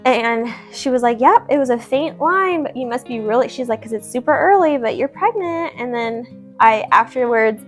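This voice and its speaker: A young woman chatting at home, telling her husband a personal story in a lively, casual way. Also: fairly high pitch, normal speed, soft background music. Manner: chatty, animated, laughs often while telling a story.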